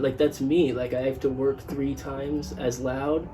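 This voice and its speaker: A man's voice: medium pitch, flat delivery, measured pace, mellow, distant mic, a little hiss or hum, rough recording. A man in his twenties co-hosting a casual podcast, rambling with lots of restarts and "like". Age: 20s. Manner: rambling, restarts often, heavy use of "like". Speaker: podcast co-host.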